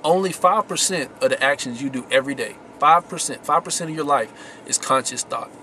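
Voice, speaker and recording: A man's voice: medium pitch, brisk, bright, forceful tone, slight background noise. A man giving casual motivational tips to his viewers, slangy and emphatic, repeating his key words. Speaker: vlogger giving success tips. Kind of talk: casual motivational talk to camera.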